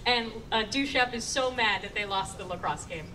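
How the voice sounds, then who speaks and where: A woman hosting a convention panel, talking to the crowd in a playful, animated way, often laughing. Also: mid-range voice, normal speed. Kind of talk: live panel commentary to an audience. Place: convention panel room with audience. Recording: distant camera, crowd noise.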